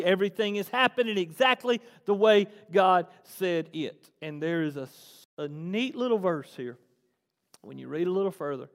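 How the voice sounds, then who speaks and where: A male pastor delivers a sermon with a notably high voice. He shifts from forceful, emphatic passages to softer, conversational stretches. A long hall reverb trails his words. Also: normal speed. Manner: swings between loud preaching and soft asides.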